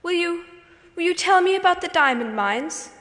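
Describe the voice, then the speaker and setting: A woman's voice: high-pitched, big pitch swings, normal speed, pushed and bright, pitched above the performer's own voice, heavily acted. A woman voicing a tearful, spoiled little girl who wails and pleads, recited on a hall stage with long reverb. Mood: wailing. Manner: wailing, pleading.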